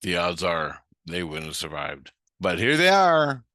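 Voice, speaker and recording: Profane, ranting man with a bright voice. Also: low-pitched, unhurried, dry recording, studio quality. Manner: profane, ranting, animated retelling; acts out both sides of the dialogue. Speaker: vlogger. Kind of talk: rambling monologue.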